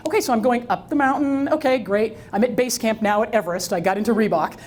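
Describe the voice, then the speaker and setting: Middle-aged woman, live talk to an audience, animated storyteller, faint rumble underneath. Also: fast talker, few pauses. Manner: lively storyteller who acts out dialogue and quizzes the audience. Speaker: speaker.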